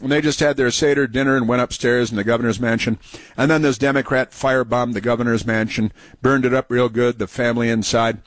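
A man hosting a talk radio show, sarcastic and mocking, talking in halting bursts with many fillers and restarts. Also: mid-range voice, steady tone, no echo. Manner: sarcastic, mocking, interjects over clips. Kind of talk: opinionated talk radio commentary.

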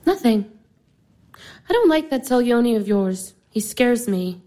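A wistful young sister, played by a woman, with a slightly high voice. Her delivery is yearning and reflective. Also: big pitch swings, unhurried, dark tone. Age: young adult. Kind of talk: stage-play radio acting.

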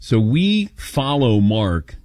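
Animated man hosting sports radio. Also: mid-range voice, slow pace, dry recording. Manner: animated storyteller acting out quotes. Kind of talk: storytelling call-in radio.

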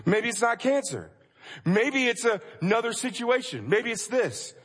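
A pastor preaching a sermon, acting out anguished prayers in a pleading tone and repeating phrases for emphasis. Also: male voice, very high-pitched, sing-song, moderate pace, fairly bright tone, breathy edge. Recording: long reverb of a large hall.

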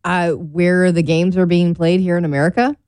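A woman's voice: on the low side, fairly even intonation, moderate pace, a little mellow, smooth, no echo. A woman co-hosting a radio show, bantering casually and self-deprecatingly from a studio. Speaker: radio co-host.

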